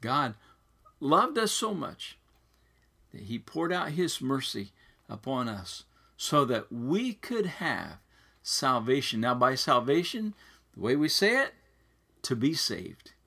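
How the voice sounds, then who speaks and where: A man preaching a sermon in a slow, earnest way, his pitch rising and falling widely. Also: sing-song, gravelly, pushed and bright, breathy edge.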